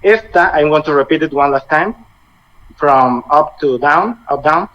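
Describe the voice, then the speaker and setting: A man in his twenties teaching a language lesson over a video call, halting and often rephrasing as he explains. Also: fairly high pitch, lively intonation, fairly bright tone. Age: 20s. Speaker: Spanish teacher. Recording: muffled video call audio with faint noise.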